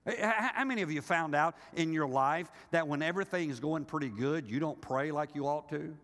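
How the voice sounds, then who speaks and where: An older male pastor preaching a sermon, animated and joking with his congregation, acting out the voices he quotes. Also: on the high side, a little fast. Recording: reverberant hall.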